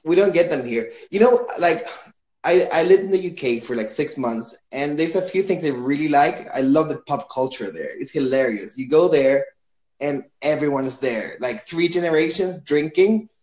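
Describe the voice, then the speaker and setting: A man's voice: a little high, expressive, moderate pace, a little mellow. Easygoing Chilean man in an echoey room. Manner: easygoing, laughs often. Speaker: chat partner. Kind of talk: casual chat.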